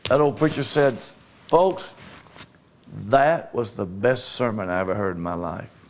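A man's voice: on the low side, animated, normal speed. A man preaching a sermon, telling a story and calling for amens from the congregation. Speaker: pastor.

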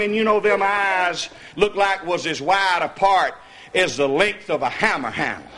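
A man telling a folk tall tale, animated, often laughing and breaking into hollers. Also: high voice, moderate pace. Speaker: storyteller. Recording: noisy recording with clicks.

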